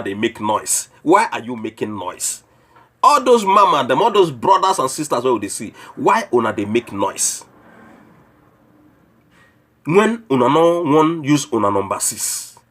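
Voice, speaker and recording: A man's voice: medium pitch, a bit bright. A man with a Nigerian Pidgin accent giving a preachy political rant that scolds his listeners with mocking rhetorical questions. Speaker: online commentator.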